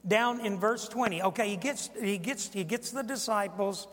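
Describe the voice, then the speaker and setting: An older man in his sixties preaching a sermon with emphatic delivery, his voice climbing when he quotes and sinking low for asides. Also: moderate pace, a bit bright. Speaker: pastor. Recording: long hall reverb.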